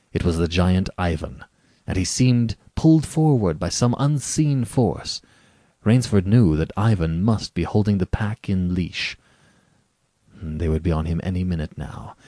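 A man narrating a story aloud in a measured, dramatic reading with varied delivery. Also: mid-range voice, warm tone, dry recording.

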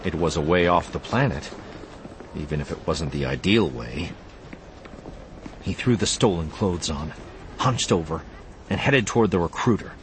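A man's voice: low voice, animated, normal speed, long pauses, slight background noise. A man narrating an audiobook expressively, voicing the character lines too.

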